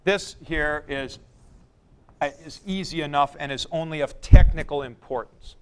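A man's voice: a little high, moderate pace, fairly bright tone, clear, resonant tone. A man lecturing a class, thinking aloud and repeating key points for emphasis as he writes on a board in a classroom. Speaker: Greek teacher.

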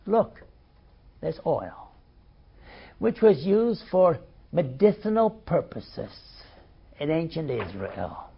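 A man preaching a sermon, swinging between loud emphasis and quiet asides. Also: fairly high pitch, sing-song, takes it slowly, vocal fry, long pauses, husky, lo-fi sound.

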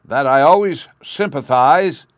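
A man voicing a pompous, fawning court Chancellor with a thin, squeaky voice who trips over his words. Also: normal speed, no room sound, lightly acted. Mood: yelling.

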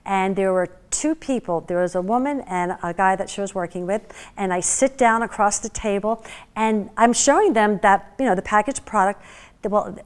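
Animated chatty woman telling a story. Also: medium pitch, smooth. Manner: animated storyteller who acts out the voices of people she quotes; chatty, with many fillers like "you know" and "like". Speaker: guest speaker. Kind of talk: storytelling talk to a class.

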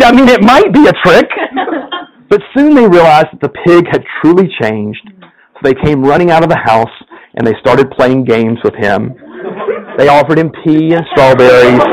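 A campus minister preaching a sermon, telling a story with frequent chuckles and animated delivery. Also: male voice, fairly high pitch, low-quality recording.

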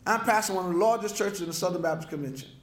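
A man's voice: high-pitched, very fast, roomy sound. A man preaching a sermon, passionate, with repetitions and stammered restarts. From New Orleans, USA. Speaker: pastor. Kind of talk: sermon lecture. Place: lecture hall.

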